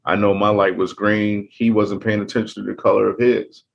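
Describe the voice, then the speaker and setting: A man's voice: lowish voice, level tone, normal speed, vocal fry, highs cut off, a little hiss or hum. A man talking earnestly in a rambling, casual monologue, often restarting his sentences.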